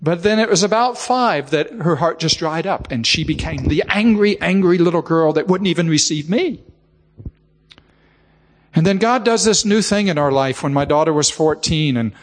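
A man's voice: on the high side, big-room sound. A man preaching a sermon, telling a heartfelt personal story and often repeating the word "just.".

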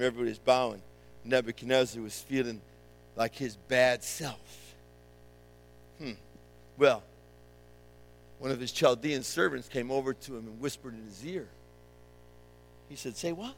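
A man preaching a sermon as a playful, animated story retelling. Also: mid-range voice, a little slow, pauses often.

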